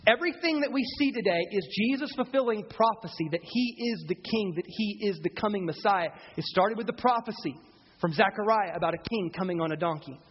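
A man's voice: high voice, fairly quick, slight background noise. A male pastor preaching a live sermon to his congregation, asking them rhetorical questions. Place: church service. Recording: dull sound in a reverberant hall.

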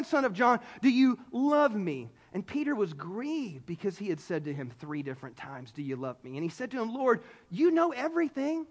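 A man from South Carolina preaches to a gathered crowd in a very high voice. He tells the story with animated, playful energy and slips into character voices. A long reverb from the hall trails after each phrase. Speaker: pastor. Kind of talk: sermon. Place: large hall before an audience.

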